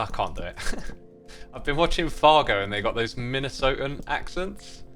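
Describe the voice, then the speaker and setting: A man with a bright, clear voice chats casually while he plays a game on a live stream. He reads viewer messages aloud and thanks supporters between thoughts. Soft music runs quietly behind him. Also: mid-range voice, animated, moderate pace. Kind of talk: casual livestream chat while playing.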